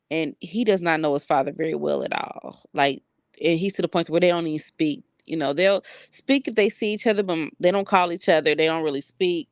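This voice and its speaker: A woman's voice: on the low side, smooth, no room sound. A middle-aged woman, a psychic medium, talking frankly and bluntly in a personal video journal.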